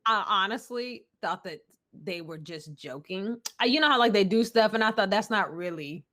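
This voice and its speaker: A young woman co-hosting a casual podcast, with a bright, forceful tone. She talks openly and emotionally, laughing often and owning up to how easily she tears up. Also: medium pitch, animated, normal speed. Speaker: podcast co-host. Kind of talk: casual chat.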